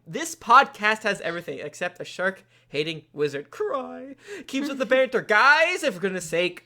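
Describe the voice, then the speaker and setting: High, bright-voiced man reading reviews. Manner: playful, jokey reading with bursts of loud emphasis. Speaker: podcast host reading listener reviews. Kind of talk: casual comedic podcast banter.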